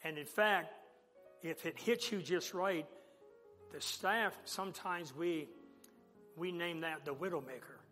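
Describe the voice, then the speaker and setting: A man preaching as a pastor, telling a personal story with animated delivery and acting out the dialogue. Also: a little high, a little slow, long pauses. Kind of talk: sermon storytelling. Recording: long echo of a large hall, faint music.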